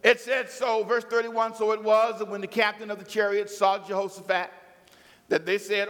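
A man's voice: sits high, moderate pace. A man preaching a sermon, acting out biblical characters and calling on the congregation to join in. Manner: animated storytelling, acts out biblical characters. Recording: long hall reverb.

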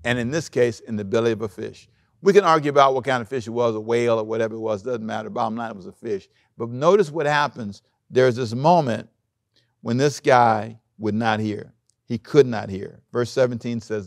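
A male pastor preaching a sermon, animated, acting out the scripture story with big swings in loudness. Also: mid-range voice, fairly quick, no echo, clean studio sound.

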